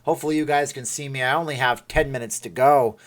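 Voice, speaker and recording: A middle-aged man chatting on his own livestream in a loose, rambling way. He reads viewers' comments aloud and laughs at his own attempts. The tone is playful and unhurried. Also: mid-range voice, fairly even intonation. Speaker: livestream host. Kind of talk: casual livestream chat.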